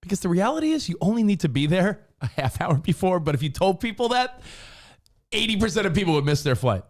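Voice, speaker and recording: A man co-hosting a casual talk show, his slightly raised voice bouncing all over the place as he acts out the people he quotes. His delivery is lively and expressive, full of swoops and sudden jumps. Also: high voice, fast. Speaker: co-host. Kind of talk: casual radio show banter.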